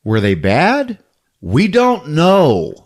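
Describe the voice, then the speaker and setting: A man's voice: a little high, very slow. A man hosting a podcast, casually recapping a film and acting out characters with frequent laughs. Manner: animated storytelling that acts out characters, laughing often. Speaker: podcast host.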